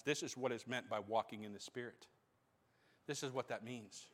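A man's voice: mid-range voice, moderate pace. A man preaching a sermon as pastor, repeating phrases for emphasis and building in intensity. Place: church sanctuary. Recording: long hall reverb.

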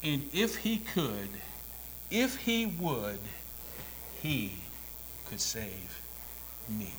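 A man preaching a sermon in a church, swinging between hushed whispers and loud, climactic calls. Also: mid-range voice, huge pitch swings, very slow, slight background noise, poor audio. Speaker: pastor. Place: church sanctuary.

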